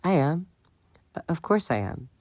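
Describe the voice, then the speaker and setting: A man voicing a gentle, worried middle-aged mother in an audiobook, speaking softly and soothingly. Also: a little high, sing-song, normal speed, no room sound, pitched above the performer's own voice. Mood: tender.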